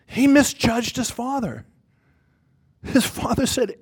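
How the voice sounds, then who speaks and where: High-voiced preacher, emphatic sermon. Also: male voice, animated, measured pace. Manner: emphatic, repetitive, swings from loud to hushed. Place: church before a congregation.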